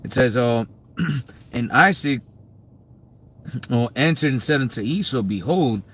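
A man with a husky voice reads archaic verses aloud, slowly and with care. His reading is plain and steady, and he sits a little away from the microphone. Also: mid-range voice. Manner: slow, careful reading. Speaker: Bible study partner.

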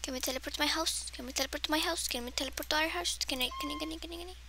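A woman giving excitable, dramatic commentary while playing a game, with playful exaggeration and frequent gasps. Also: sits high, very fast, background noise. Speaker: gameplay streamer. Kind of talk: casual gameplay commentary.

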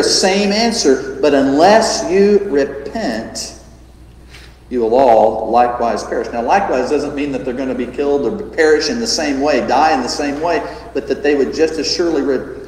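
A man preaching a sermon as pastor, emphatic and full of rhetorical questions, shifting between loud and soft delivery. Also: a little high. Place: church sanctuary. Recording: echoey hall, distant mic.

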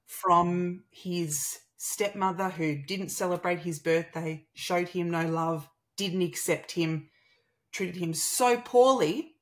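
Her voice is lowish and her delivery slow; she's an Australian woman in her thirties. Appearing as a guest, she shares a personal anecdote in an animated way, acting out what people said.

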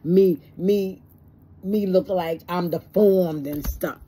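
Stressed woman venting in a vlog, dark mellow voice, plays out both sides of the talk. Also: lowish voice, slow, breathy edge. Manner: emotional, plainspoken, acts out both sides of conversations. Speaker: vlogger. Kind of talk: personal monologue to camera.

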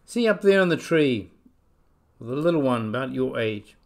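A man voicing a calm, reassuring mother kiwi in a children's story. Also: medium pitch, moderate pace, vocal fry. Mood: soothing. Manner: soothing, calm.

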